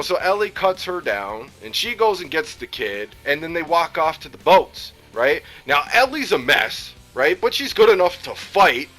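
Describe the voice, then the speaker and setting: Guy raging about a game, cussing, bright tense voice, soft music under it. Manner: heated, profane, swings between loud outbursts and low muttering. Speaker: gaming YouTuber. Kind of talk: angry game rant.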